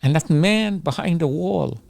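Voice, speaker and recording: A middle-aged man giving an intense personal testimony of surviving a disaster, acting out his own pleas and the shouts he heard. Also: a little high, expressive, unhurried, gravelly, no echo. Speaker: survivor telling his story.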